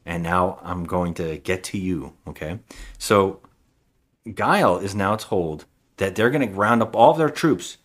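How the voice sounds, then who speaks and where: Low-voiced man recapping a film. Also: a little slow. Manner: rambling plot recap with restarts. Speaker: podcast co-host. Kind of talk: casual movie review chat.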